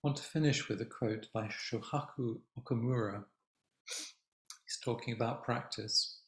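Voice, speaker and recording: An older man giving a Zen dharma talk as a teacher, speaking gently and reflectively with long pauses. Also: medium pitch. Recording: echoey room.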